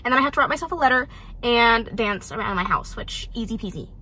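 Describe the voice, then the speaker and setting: A young woman talking casually to the camera at home about the books she is reading, animated and self-deprecating. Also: on the high side, fast talker, slight background noise. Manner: chatty, animated, self-deprecating with bursts of loud excitement. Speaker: book vlogger. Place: her home.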